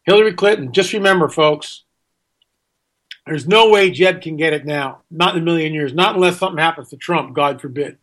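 A man's voice: a little high, brisk, a bit bright. A middle-aged American man hosting a radio talk show, ranting indignantly and firing off rhetorical questions. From United States. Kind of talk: opinionated radio monologue.

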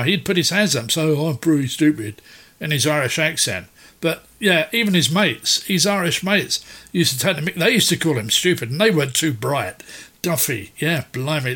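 A man's voice: on the high side, animated, brisk, bright, forceful tone. A man hosting a radio quiz in casual, jokey chat that keeps wandering off topic.

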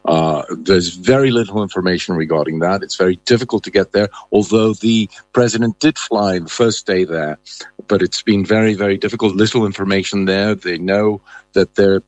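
A male correspondent speaks in a very deep voice, hesitant and full of restarts as he reports. The sound is dry and close. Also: darkish tone, no echo. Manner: halting, many fillers and restarts. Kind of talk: live news phone-in report.

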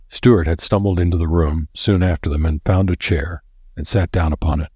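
A man narrating an audiobook with a steady, even reading. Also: low voice, brisk, husky, no echo, clean studio sound.

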